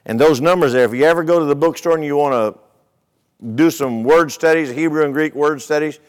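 A man's voice: fairly high pitch, a little fast, clean tone. A male pastor preaching a sermon, retelling a story in a folksy way and asking the congregation rhetorical questions.

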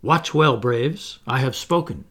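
A man's voice: mid-range voice, lively intonation, unhurried, fairly bright tone. A man voicing a cocky boy leader who jovially plays the grand old father. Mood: commanding.

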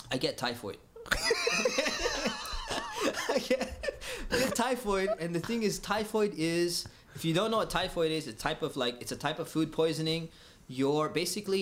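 Man from the US, casual storyteller, lively, acts out the dialogue, slightly high voice. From United States. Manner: animated, laughs often, acts out dialogue.

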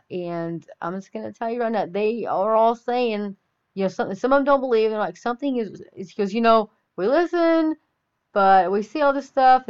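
In this dull, lo-fi recording, a podcast host from the Texas Panhandle delivers an opinionated monologue. Her mid-range voice is clear and resonant, and her delivery is folksy, preachy, and emphatic.

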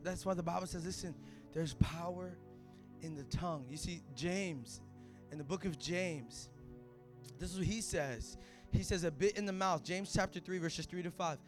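A man preaching with a very high voice. His delivery moves from quiet, hushed asides up to loud shouted declarations. Faint music plays behind him. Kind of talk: sermon.

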